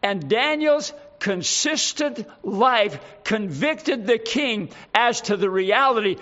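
A male preacher with a strikingly high voice delivers an emphatic sermon slowly, with lively intonation and hardly any pauses, hammering each point home with rhetorical questions. His tone is bright and forceful, though the recording sounds dull and lo-fi.

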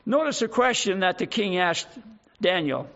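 A man's voice: high voice, animated, normal speed, gravelly, fairly bright tone. A man preaching a sermon, pressing his point with repeated rhetorical questions. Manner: emphatic, repetitive rhetorical questions. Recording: dull lo-fi recording.

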